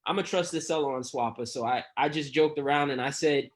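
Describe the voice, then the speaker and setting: A man with a New York accent, a guest in a casual interview, who tells lively stories and acts out his talks with customers. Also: mid-range voice, fairly quick. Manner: animated storyteller who acts out customer exchanges. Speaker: guest phone reseller.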